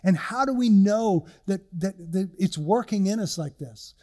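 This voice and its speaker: Older man preaching, high voice. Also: expressive, a little slow, warm tone. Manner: earnest, conversational preaching with personal stories. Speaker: pastor. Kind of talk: sermon.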